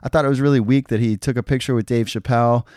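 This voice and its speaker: A man's voice: mid-range voice, fairly even intonation, fast talker, darkish tone, dry recording, studio quality. A man hosting a podcast alone, giving blunt, opinionated reviews of TV shows in casual talk and swearing freely. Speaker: podcast host.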